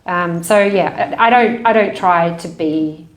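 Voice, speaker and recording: A woman with an Australian accent, an author talking casually at a bookshop event, animated and laughing often. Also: lowish voice, a little slow, echoey room, background noise. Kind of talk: conversational bookshop talk.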